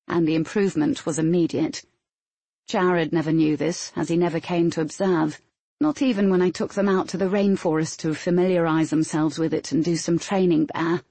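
Husky low-voiced woman narrating. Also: dry recording. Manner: steady, matter-of-fact storytelling. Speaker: audiobook narrator. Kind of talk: first-person scripted narration.

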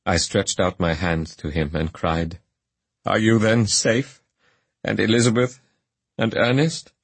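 A man's voice: sits low, vocal fry, breathy edge, no echo. A man reading a classic novel aloud as solemn, earnest first-person narration. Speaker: audiobook narrator.

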